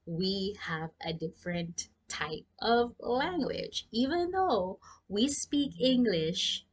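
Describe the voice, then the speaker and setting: A woman's voice: mid-range voice, lively intonation, slow, few pauses, slightly rough. A young Jamaican woman giving chatty freelancing advice and talking straight to her viewers in a casual vlog. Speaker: freelancing vlogger.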